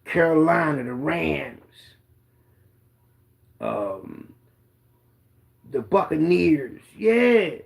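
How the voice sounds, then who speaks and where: A man's voice: on the high side, expressive, extremely slow, creaky, pauses often. A man, a former running back telling boastful, profane football stories in a rambling casual monologue.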